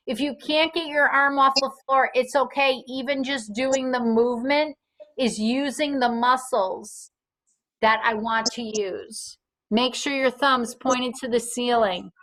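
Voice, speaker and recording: A woman teaching a fitness class, giving clear step-by-step cues with gentle reassurance. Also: fairly high pitch, fairly even intonation, a little slow, poor audio. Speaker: fitness instructor. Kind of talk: guided exercise class instruction.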